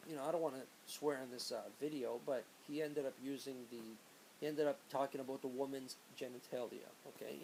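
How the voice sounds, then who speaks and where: A man in his late thirties talks through an old story in a loose, conversational way, often breaking off for asides. His voice sits a bit high for a man. A faint hiss runs under the recording. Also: normal speed, rough recording. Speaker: vlogger. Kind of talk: casual storytelling.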